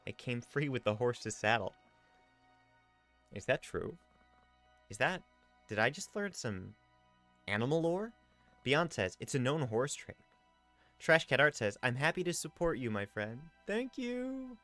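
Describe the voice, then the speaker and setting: A man on a live game stream with a mid-pitched, lively voice that swings up and down as he talks. He rambles playfully and reads chat messages aloud, with faint game music under him. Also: unhurried, long pauses.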